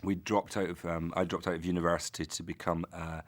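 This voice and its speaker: Man, actor interviewee, deep voice, self-deprecating, joking. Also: little pitch movement, brisk. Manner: self-mocking, joking, laughs often. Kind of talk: anecdotal interview.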